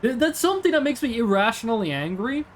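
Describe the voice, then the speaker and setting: A man's voice: extremely high pitch, very animated, quick pace, slight background noise. A young man, streaming casually in a rambling, jokey way and answering chat. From Norway.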